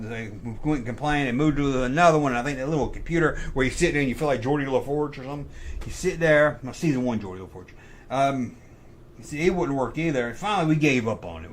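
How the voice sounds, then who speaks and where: A middle-aged man hosting a live stream, casually telling rambling, profane anecdotes and correcting himself as he goes. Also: fairly high pitch. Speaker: livestream host.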